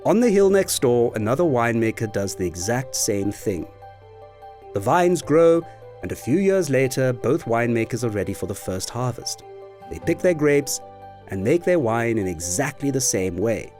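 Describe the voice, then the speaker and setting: A man giving scripted educational narration for a wine course, with a clear, explanatory delivery. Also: medium pitch, big pitch swings, moderate pace, a little mellow, soft background music.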